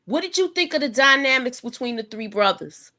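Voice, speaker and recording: Bright-voiced woman hosting a TV recap. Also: high-pitched, a little fast. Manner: animated, chatty, asks viewers to vote. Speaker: show host. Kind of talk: casual TV recap chat.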